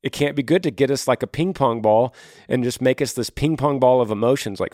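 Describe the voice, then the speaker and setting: Animated man giving blunt advice. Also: mid-range voice, brisk, no echo, studio quality. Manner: animated, acts out little dialogues, calls listener bro and man. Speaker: advice show host. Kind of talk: casual advice talk to a listener.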